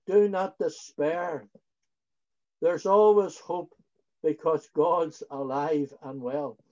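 Man, preacher, earnest slow sermon delivery, voice sits a little high, muffled lo-fi sound. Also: dark tone. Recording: dull lo-fi recording.

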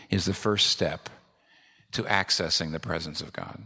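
A man's voice: sits low, moderate pace, creaky, pushed and bright, breathy edge. A middle-aged male pastor preaching a sermon with emphatic repetition. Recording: long reverb of a large hall.

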